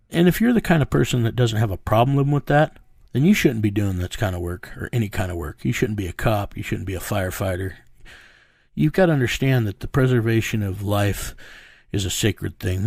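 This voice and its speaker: A man's voice: on the low side, gravelly, darkish tone, dry recording, clean studio sound. A man bluntly telling his own story in a casual interview, often repeating words as he restarts. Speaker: bounty hunter guest telling his story.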